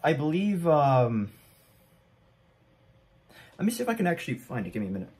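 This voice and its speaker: A man's voice: a little high, big pitch swings, normal speed, noisy background. Chatty young man, self-deprecating. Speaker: vlogger. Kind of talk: casual commentary.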